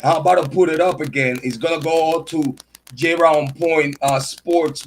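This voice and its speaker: A man's voice: fairly high pitch, steady tone, normal speed, a little hiss or hum, rough recording. A man hosting a casual livestream monologue, talking in boastful, swaggering street slang about himself. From Puerto Rico. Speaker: true crime and sports commentary host.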